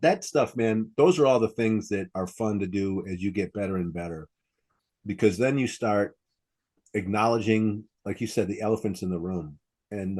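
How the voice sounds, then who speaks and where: A man's voice: fairly low pitch, a little mellow. A man hosting a podcast about stand-up comedy, talking casually and animatedly, acting out quoted lines. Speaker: comedy coach and podcast host.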